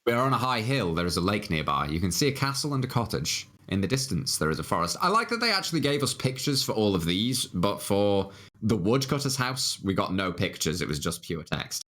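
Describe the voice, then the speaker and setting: Man in a casual game stream, lower voice, reads on-screen text, hesitant fillers. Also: very animated, brisk, fairly bright tone. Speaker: game player on a live stream.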